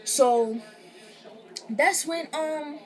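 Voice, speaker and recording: A woman's voice: sits high, drawn-out words. A young woman vlogger casually telling a personal story, slangy and profane, acting out what people said. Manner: animated, slangy, profane, acts out quotes.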